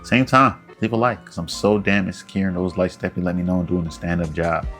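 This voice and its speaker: A man's voice: low-pitched, steady tone, fast, a bit bright, faint music behind. A man hosting a casual commentary vlog, rambling and joking in a self-deprecating way. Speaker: commentary channel host.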